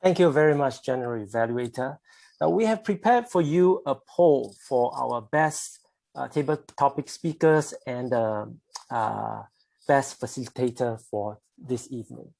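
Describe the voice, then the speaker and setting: A man's voice: mid-range voice, measured pace, creaky, warm tone, no echo. A man hosting an online club meeting, polite and a bit hesitant as he runs a poll. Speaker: meeting host. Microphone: video call.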